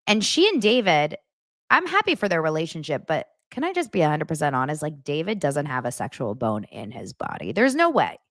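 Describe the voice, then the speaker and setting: Young woman doing gossip commentary, kinda low voice, super dramatic, dry close sound. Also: wildly swooping pitch, fairly quick, a bit bright, no room sound. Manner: gushing, dramatic, exaggerated reactions. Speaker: celebrity gossip show host.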